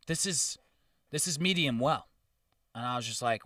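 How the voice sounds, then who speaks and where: A young man on a podcast, telling stories in a casual, animated way, swearing and acting out customers in raised voices. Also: medium pitch, normal speed, long pauses, no echo, clean studio sound, recorded from a distance. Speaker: podcast co-host. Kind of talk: casual storytelling chat.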